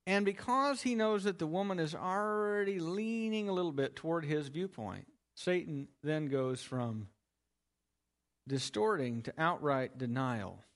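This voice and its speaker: On the high side, with lively intonation and no rush, a man expounds a Bible passage in an expository sermon. He puts questions to his audience and answers them himself, punching key words along the way.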